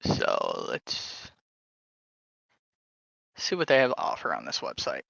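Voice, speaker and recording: A man hosting a podcast, talking casually and haltingly while reading text aloud from his screen. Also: very deep voice, huge pitch swings, vocal fry, pushed and bright, no room sound. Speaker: podcast host. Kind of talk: casual screen-share talk. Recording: dull lo-fi sound.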